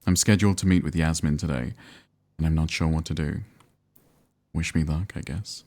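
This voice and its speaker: A man's voice: very deep voice, steady tone, normal speed, darkish tone. A man reading as a frazzled young friend. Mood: anxious. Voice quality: casual, frazzled phrasing. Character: anxious young man, friend, rattled and restless.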